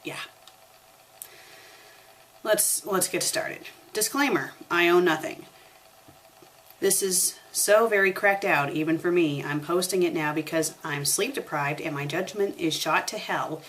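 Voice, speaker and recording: A woman's voice: fairly low pitch, unhurried, fairly bright tone, a little hiss or hum. A young woman reading a story aloud for a comedic review, breaking off for sarcastic asides. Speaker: fanfiction reviewer.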